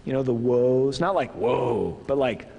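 A man's voice: medium pitch, moderate pace, darkish tone. A man in his thirties with a Midwestern accent, preaching a sermon in an earnest, conversational way and asking the congregation questions. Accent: Midwestern American. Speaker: pastor. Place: church hall. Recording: long reverb of a church hall.

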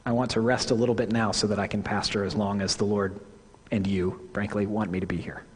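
A man's voice: on the low side, flat delivery, brisk, breathy edge. A lead pastor in his forties, giving an earnest, conversational sermon to his congregation and correcting himself as he goes. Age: 40s. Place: church sanctuary. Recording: long hall reverb.

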